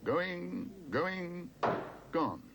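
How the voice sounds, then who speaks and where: Man voicing an auctioneer, storybook, brisk, loud, sing-song bid-calling, raised pitch. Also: very animated, vocal fry, heavy background noise, full character voice. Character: brisk, loud male auctioneer, middle-aged. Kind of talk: storybook reading.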